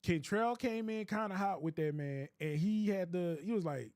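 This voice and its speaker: Rambling man, high voice. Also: moderate pace, darkish tone, no echo, studio quality. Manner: rambling, profane, laughing often. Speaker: streamer. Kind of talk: casual storytelling.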